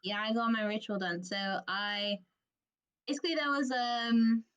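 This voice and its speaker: A woman from England co-hosting a podcast, telling an animated story with plenty of laughter and quoted voices. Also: fairly high pitch, moderate pace, clear, resonant tone, highs cut off. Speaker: podcast co-host. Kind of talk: casual chat, storytelling.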